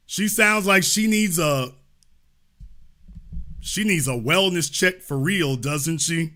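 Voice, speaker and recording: A man's voice: a little high, big pitch swings, slow pace, pushed and bright. A man hosting a call-in show, talking in a mocking, insulting way and repeating his jabs. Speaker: show host. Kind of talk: call-in show arguing with a caller.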